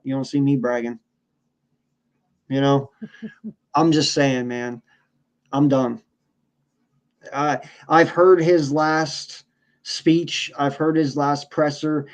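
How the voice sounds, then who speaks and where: Profane, ranting man, fairly high voice. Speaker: podcast co-host. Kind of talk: casual sports chat.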